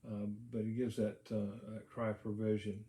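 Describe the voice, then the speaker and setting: A pastor, a man with a lowish voice, preaches a sermon in an easy, conversational way, stopping often to restart his thoughts. His voice rings out in a roomy, echoing church. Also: little pitch movement, normal speed, dark tone. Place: church sanctuary.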